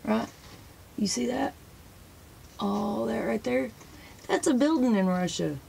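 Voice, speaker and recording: A woman hosting a casual show-and-tell video, excitedly pointing out pictures in books and dropping in praise phrases as she rambles. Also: a little high, slow, vocal fry, a little hiss or hum, low-quality recording. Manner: sprinkles praise phrases into talk. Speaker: religious video host.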